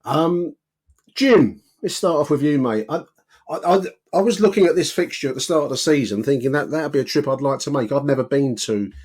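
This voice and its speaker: A man's voice: fairly high pitch, brisk, darkish tone, slightly rough. Man, podcast host, casual chat, rambling, lots of "um"s. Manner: chatty, rambling with filler words.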